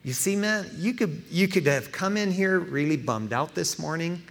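A man in his fifties preaching a folksy, animated sermon as pastor, acting out dialogue as he tells stories. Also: fairly high pitch, normal speed, creaky, hardly any pauses. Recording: long hall reverb.

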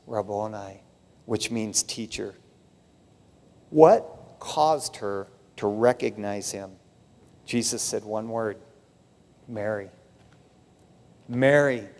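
Lively high-voiced male preacher. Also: in a large hall. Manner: animated preaching with sudden shouts and laughs; casual, addresses listeners as "man". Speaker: pastor. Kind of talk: sermon.

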